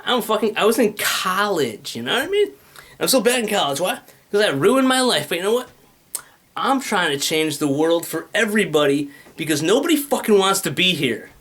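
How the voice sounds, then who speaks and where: A man's voice: high voice, sing-song, normal speed, fairly bright tone. A man in a casual, rambling rant, swearing often and restlessly jumping between ideas. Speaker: vlogger pitching his venture.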